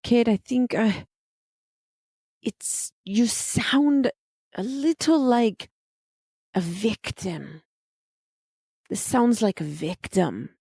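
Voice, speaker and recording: A woman voicing her female life coach, gentle but direct as she talks. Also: on the high side, animated, very slow, vocal fry, pauses often, husky, dry recording, studio quality, pitched above the performer's own voice, exaggerated voice. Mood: frank, gentle.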